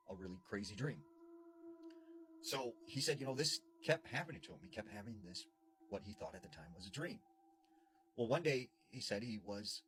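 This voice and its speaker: A man casually retelling a scary story he heard from someone else, repeating "and he said" and "you know" as he goes. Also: on the low side. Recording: noisy background.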